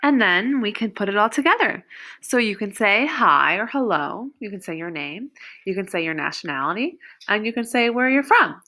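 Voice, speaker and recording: A woman teaching a beginner French lesson, slowly modeling each example phrase. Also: mid-range voice, expressive, sharp tone. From United States.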